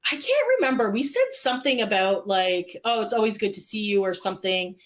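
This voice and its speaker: A woman's voice: medium pitch, lively intonation, fairly quick. A woman co-hosting a podcast, chatting casually and telling stories, acting out both sides of conversations with plenty of "like". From Toronto, Canada. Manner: chatty storyteller who acts out quoted exchanges with lots of "like". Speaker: podcast co-host. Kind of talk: casual chat recapping an event.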